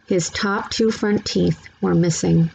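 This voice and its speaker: A woman reading a children's chapter book aloud in steady, plain narration. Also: fairly low pitch, slow, vocal fry, slightly rough, lo-fi sound. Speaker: storybook reader.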